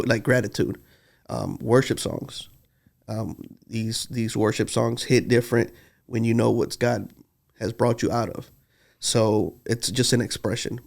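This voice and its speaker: A man's voice: medium pitch, gravelly, a little mellow. A man, telling heartfelt stories in a casual podcast conversation. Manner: earnest, heartfelt storytelling. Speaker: podcast co-host.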